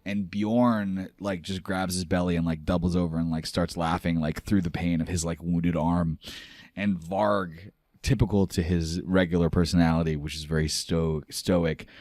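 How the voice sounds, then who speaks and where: A man runs a tabletop fantasy game, describing scenes in a loose, rambling style. His voice sits low, and the sound is dry. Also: level tone, normal speed, darkish tone, no room sound. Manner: loose, filler-heavy narration. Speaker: game master.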